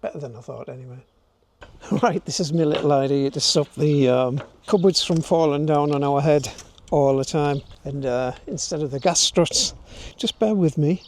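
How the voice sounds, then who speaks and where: An older man vlogs casually to a handheld camera while working inside a camper van, thinking aloud and poking fun at himself in DIY talk. His voice has a fairly high pitch, a darkish tone, and a moderate pace.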